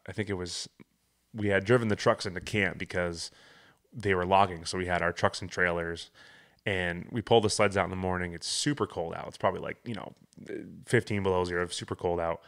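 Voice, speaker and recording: A man with a low voice tells a story in loose, casual conversation. He laughs easily and acts out the sounds and moments he describes. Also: fairly bright tone. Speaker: podcast host. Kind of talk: casual chat.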